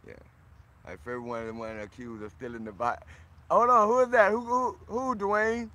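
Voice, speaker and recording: A man's voice: sits high, little pitch movement, moderate pace, bright, forceful tone. A man from Florida hosting a casual livestream, boisterous and friendly, greeting viewers by name as he answers their comments.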